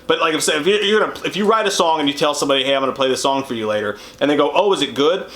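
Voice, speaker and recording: A man's voice: fairly high pitch, animated, racing, fairly bright tone. A man co-hosting a casual movie chat, earnest and profane, reasoning things through at length. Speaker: co-host. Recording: echoey room.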